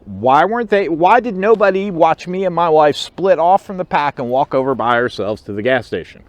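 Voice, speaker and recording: A man hosting his own channel, telling a story in a casual, animated way and acting out the other people in it. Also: on the high side, normal speed, hardly any pauses, no echo, lo-fi sound. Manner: animated storyteller who acts out quotes and chuckles. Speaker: motorcycle club officer and channel host.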